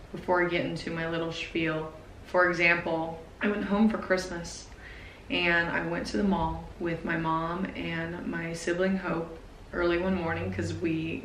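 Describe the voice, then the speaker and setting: A woman in her twenties talking to camera in a personal vlog, nervous and emotional, speaking haltingly. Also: fairly low pitch, a bit bright, roomy sound, slight background noise, rough recording. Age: 20s. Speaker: vlogger.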